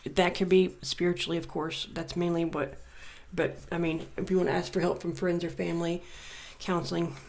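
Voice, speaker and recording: A woman's voice: fairly low pitch, little pitch movement, moderate pace, vocal fry, hardly any pauses, darkish tone. A woman giving a casual tarot reading, reading card messages aloud and musing and joking between them. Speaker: tarot reader.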